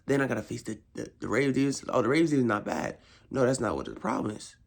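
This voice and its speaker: A young man, a frustrated football fan, ranting in casual slang, repeating himself and swinging his voice high in exasperation. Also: big pitch swings, fast talker, creaky. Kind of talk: casual rant.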